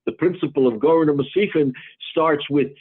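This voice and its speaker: A rabbi teaching a Talmud class, explaining patiently in halting speech with many restarts. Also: male voice, fairly high pitch, slightly rough, narrow, tinny audio.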